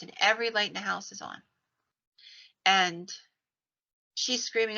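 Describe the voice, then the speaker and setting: A woman, hosting a podcast and telling ghost stories in a casual, animated way. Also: mid-range voice, normal speed, gravelly, pauses often. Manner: animated retelling, acts out quoted lines in her own voice. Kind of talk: casual storytelling. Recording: slightly dull lo-fi podcast audio.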